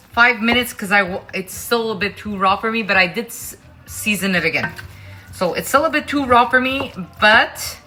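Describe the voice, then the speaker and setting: A woman's voice: fairly low pitch, pushed and bright. A woman hosting a casual cooking demonstration in her kitchen, chatting straight to her viewers with frank asides. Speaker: cooking show host. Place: kitchen at the stove. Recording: clear frying and sizzling behind the voice. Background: sizzling pan, stirring, clicks.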